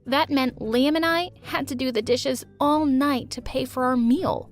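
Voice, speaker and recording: Expressive young woman narrating a story. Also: high voice, normal speed, hardly any pauses. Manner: lively, expressive. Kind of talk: first-person animated story narration. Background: faint music.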